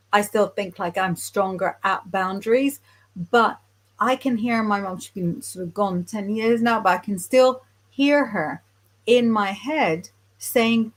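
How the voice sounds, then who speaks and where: A woman teaching psychic development, chatting frankly on a live stream while she reads viewer comments aloud. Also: medium pitch.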